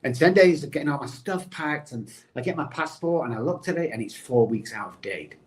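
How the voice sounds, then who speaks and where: A middle-aged man, a podcast guest and addiction recovery expert, telling his own story in an animated way and addressing the host by name. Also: mid-range voice, fairly quick. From England.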